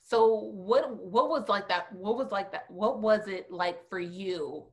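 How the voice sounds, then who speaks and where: A woman's voice: medium pitch, slow. A young woman in casual conversation, sharing stories and asking questions.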